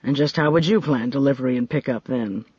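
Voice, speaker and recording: A man voicing a calm, weary male spy chief who speaks in a dry, measured way. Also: breathy edge, no echo, muffled recording, close to an everyday voice. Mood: skeptical. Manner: dry, measured, low-key.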